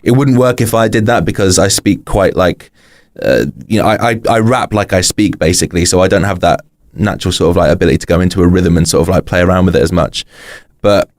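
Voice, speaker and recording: A man with a very low, deep British voice talks casually on a podcast. He explains at length, circling back with lots of fillers and restarts. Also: fast. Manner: rambling, filler-heavy explanations. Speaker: podcast guest, rapper and author.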